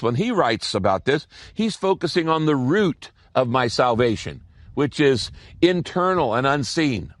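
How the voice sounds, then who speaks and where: Lively emphatic male pastor preaching. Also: mid-range voice, no room sound, studio quality. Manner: lively, emphatic preaching with repeated key phrases. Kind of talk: sermon.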